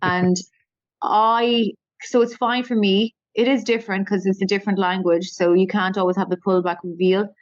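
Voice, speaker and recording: A woman's voice: medium pitch, fairly even intonation, normal speed, no room sound, dull audio. A woman with an Irish accent, a stand-up comedian talking in a casual interview, rambling and self-deprecating. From Ireland.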